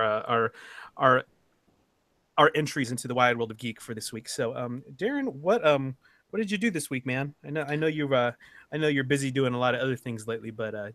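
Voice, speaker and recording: A young man hosting a casual podcast, excitable and joking, with frequent restarts. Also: mid-range voice, no room sound. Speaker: podcast host.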